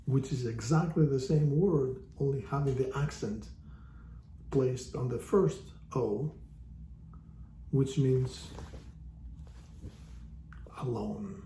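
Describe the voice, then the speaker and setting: A man's voice: mid-range voice, takes it slowly, pauses often, dark tone, slight background noise. A man giving a casual online language lesson, explaining patiently with wry, joking asides. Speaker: language teacher. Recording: echoey room.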